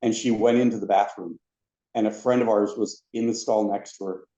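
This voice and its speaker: A man with a lowish, mellow voice tells anecdotes as a podcast guest. He is a lively storyteller who slips into the voices of the people he describes. The sound is roomy and a little dull, like a lo-fi recording. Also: fairly quick. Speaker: podcast guest, former theme park ride attendant.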